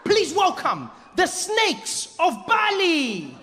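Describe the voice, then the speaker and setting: A man on stage voicing a flamboyant male tour guide who grandly announces a show in a high, showy voice. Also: wildly swooping pitch, very slow, pushed and bright, big-room sound, exaggerated voice. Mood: announcing.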